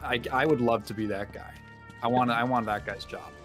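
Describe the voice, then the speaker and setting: A man's voice: medium pitch, fairly even intonation, fairly quick, fairly bright tone, faint music behind. A man hosting a gaming stream, rambling through a casual story with lots of fillers. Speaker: streamer host. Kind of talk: casual chat while gaming.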